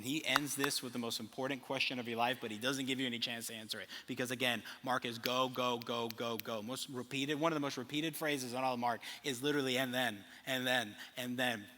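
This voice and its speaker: A young man preaching a sermon, animated, acting out little scenes as he tells the story. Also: medium pitch, quick pace, few pauses, slight background noise. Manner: animated storytelling with acted asides. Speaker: pastor. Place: large church hall. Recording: long reverb of a big hall.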